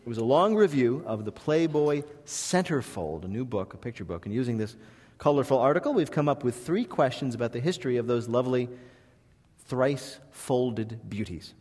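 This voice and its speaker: A man hosting a radio quiz show, brisk and scripted as he sets up the game. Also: medium pitch, animated, darkish tone, in a large hall.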